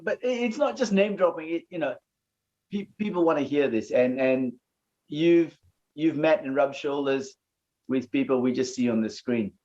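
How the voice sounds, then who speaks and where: A man's voice: a little high, expressive, moderate pace, darkish tone. A man hosting an interview, asking questions in a loose conversational way with frequent restarts. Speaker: host, aikido teacher. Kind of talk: casual interview. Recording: dull lo-fi audio.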